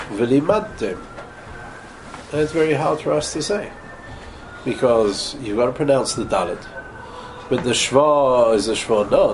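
A man teaching a Torah class, explaining point by point, stumbling and repeating words and sounding out Hebrew words slowly to model careful pronunciation. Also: mid-range voice. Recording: noisy ambient room recording.

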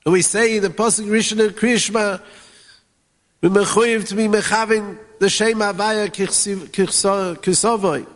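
A man with a Yeshivish English accent teaching Torah, chanting Hebrew verses in a sing-song that swings from hushed to soaring. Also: high voice, steady tone, moderate pace, big-room sound. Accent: Yeshivish English with Ashkenazi Hebrew pronunciation. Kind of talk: Yiddish-inflected Torah talk.

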